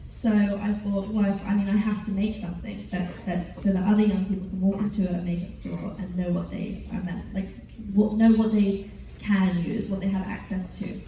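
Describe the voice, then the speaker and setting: A woman's voice: medium pitch, level tone, normal speed, few pauses, warm tone. A teenage girl with an English accent answering fan questions at a convention panel, chatty and giggly, rambling with lots of fillers. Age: teens. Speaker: actress, panel guest. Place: large convention hall. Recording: echoey hall from far off, faint noise.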